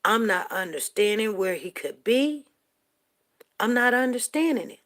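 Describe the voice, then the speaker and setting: An older woman, telling a personal story in a rambling, emotional way that rises to near shouting at tense moments. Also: mid-range voice, animated, a little slow.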